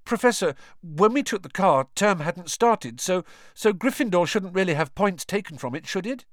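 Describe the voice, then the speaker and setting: A man's voice: high-pitched, lively intonation, moderate pace, dry recording, clean studio sound, voice pushed up. A man voicing an earnest, anxious teenage boy.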